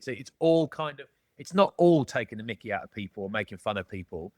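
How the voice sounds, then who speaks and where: Man, middle-aged, matey podcast guest, mid pitch, dry close mic. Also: lively intonation, fast, few pauses, no echo. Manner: jokey, matey, calls people mate. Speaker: podcast guest, former rugby player. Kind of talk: casual storytelling chat.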